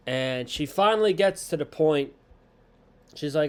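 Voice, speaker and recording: A man's voice: mid-range voice, lively intonation, normal speed, clean tone. A young man hosting a casual podcast review of a wrestling show, blunt and rambling, swearing casually.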